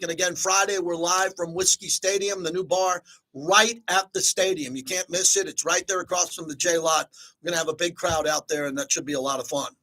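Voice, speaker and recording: A middle-aged man hosts a sports talk show in an upbeat, chatty manner. His voice is husky and sits a little high for a man. He moves easily between fan talk and sponsor reads. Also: a bit bright, rough recording. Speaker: sports radio host.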